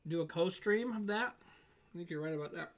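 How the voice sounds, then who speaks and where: A man's voice: sits high, brisk. A man chatting casually with viewers on a live stream, rambling and trailing off as he reads the chat. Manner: rambling and loose, trailing off with fillers while reading chat.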